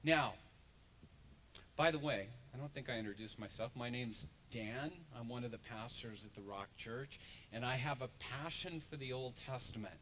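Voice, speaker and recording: A man, a pastor, preaching a lively sermon in a church and acting out the voices of people in the story. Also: medium pitch, moderate pace, a little hiss or hum, low-quality recording. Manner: animated storytelling, acts out crowd voices. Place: church sanctuary.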